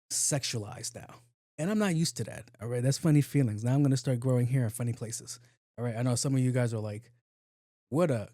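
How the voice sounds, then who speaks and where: A man talks alone on his podcast and tells a work story, slipping into little voices for the people he quotes. His voice is mellow and relaxed. The sound is dry and close, with almost no room around it. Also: medium pitch, no echo. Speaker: podcast host. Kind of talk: casual solo podcast monologue. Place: home studio, on camera.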